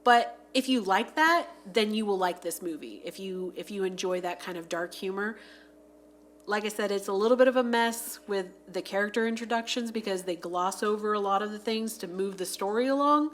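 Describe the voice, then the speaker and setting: A woman on a podcast chatting casually about a film, full of "like" fillers and acting out scenes in quick voices. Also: medium pitch, fairly bright tone. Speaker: podcast panelist. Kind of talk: casual movie review chat.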